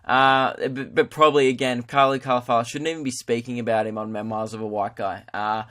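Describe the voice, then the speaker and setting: A man's voice: medium pitch, fairly even intonation, a little fast, fairly bright tone. A young Australian man hosting a podcast, rambling through a casual comedic monologue and laughing at his own jokes. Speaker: podcast host.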